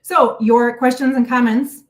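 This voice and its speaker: A woman's voice: fairly high pitch, steady tone, a little slow, recorded from a distance. A woman hosting a casual live stream Q&A from home, chatty and bubbly as she greets viewers by name, a little out of breath. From United States. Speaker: YouTube host.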